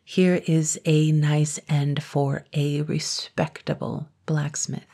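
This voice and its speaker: A woman's voice: low voice, lively intonation, normal speed, darkish tone, husky, exaggerated voice. A woman voicing a timid, trembling male blacksmith who stammers with nervous politeness.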